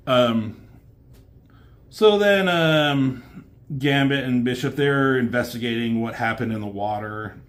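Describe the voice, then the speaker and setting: A man's voice: mid-range voice, slow pace. A man casually reviewing a comic book, rambling loosely with fillers and the odd curse word.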